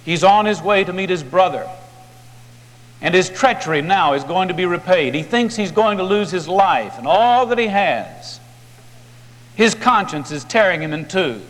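A man's voice: high voice, fairly bright tone, in a large hall. A man preaching, retelling a story in a dramatic, vivid way.

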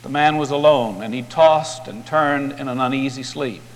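A man's voice: medium pitch, normal speed, in a large hall. A man preaching, retelling a story in a dramatic, vivid way.

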